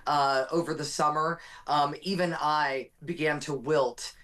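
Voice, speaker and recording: A woman's voice: low-pitched, fairly even intonation, unhurried, a bit bright. A woman, a radio host appearing as a guest, chatting in a friendly, self-deprecating way. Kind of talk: live remote radio chat.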